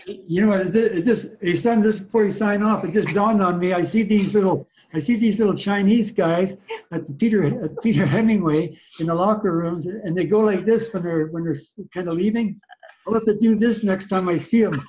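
An older man chatting with his son, jovial and quick to laugh. His voice is high for a man and comes through dull, lo-fi call audio. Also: a little mellow, slight background noise. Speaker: guest, host's father. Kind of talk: casual chat.

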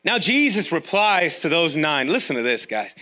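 A man preaching a sermon in a casual, energetic, conversational way, with slang and quick asides. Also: on the high side. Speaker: pastor.

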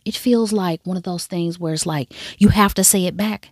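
Animated woman recapping a TV show. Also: mid-range voice, fairly quick, few pauses, dry recording, studio quality. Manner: animated storytelling, acts out characters' lines, calls listener "baby". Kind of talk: casual show recap and commentary.

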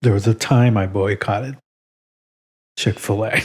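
Laughing, animated male podcast co-host. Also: on the low side, measured pace. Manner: animated, laughs often, swears casually. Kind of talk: casual podcast chat.

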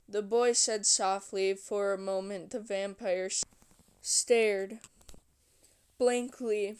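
A woman narrates a novel aloud in a slow, measured manner. Her voice is smooth and clear, at a middle pitch, unhurried from line to line. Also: fairly even intonation, a little mellow. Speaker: reader.

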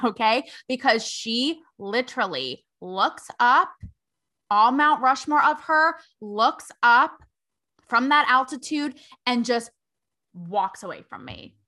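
A young adult woman hosting a podcast, telling a story in a sassy, slangy, animated way. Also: a little high. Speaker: podcast host. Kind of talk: casual storytelling commentary.

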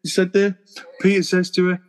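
A man's voice: high voice, monotone, a little fast, smooth. A man co-hosting a podcast, chatting casually and laughing his way through a funny story. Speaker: podcast co-host. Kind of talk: casual chat.

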